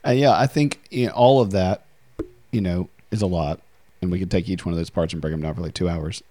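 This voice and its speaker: A man hosts a podcast with a very deep, dark, mellow voice. He speaks in a measured, reflective way, and the recording is dry and close. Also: no room sound. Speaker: podcast host. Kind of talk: casual podcast conversation.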